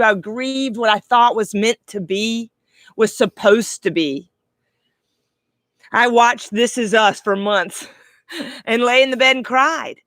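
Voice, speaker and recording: A woman's voice: on the high side, a bit bright, no echo. Heartfelt woman coach, dry close sound. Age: middle-aged. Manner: heartfelt, slow and emphatic in places. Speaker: life coach, podcast host. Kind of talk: reflective monologue.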